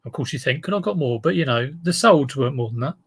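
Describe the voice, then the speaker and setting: A man's voice: mid-range voice, lively intonation, fast talker, husky, no echo. A man, chatting casually on a live stream as an online reseller, greeting viewers by name and rambling into asides. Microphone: desk mic in front of him.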